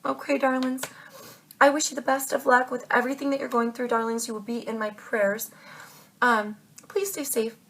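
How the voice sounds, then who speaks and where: A woman's voice: fairly high pitch, fairly even intonation, moderate pace, a bit bright. A woman giving a tarot reading to her viewers, earnest and insistent, repeating her points and calling listeners babe and darling. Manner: emphatic, insistent advice. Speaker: tarot reader.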